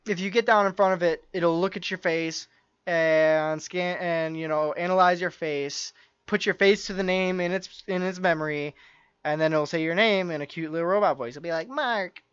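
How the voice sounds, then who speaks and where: A man's voice: on the high side, steady tone, moderate pace, a bit bright, clean tone, no echo. A man co-hosting a podcast in casual chat, rambling eagerly with many fillers and restarts. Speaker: podcast co-host. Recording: dull lo-fi dry recording.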